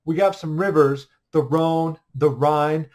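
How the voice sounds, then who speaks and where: A man's voice: a little high, takes it slowly, a little mellow. A man teaching an online history class in a casual, upbeat way, joking and quizzing his students as he goes.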